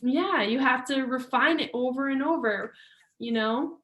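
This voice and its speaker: A woman co-hosting a casual chat about yoga, earnest and warm with laughter, often acting out her inner thoughts. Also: high voice, measured pace. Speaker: yoga teacher co-host. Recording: echoey room.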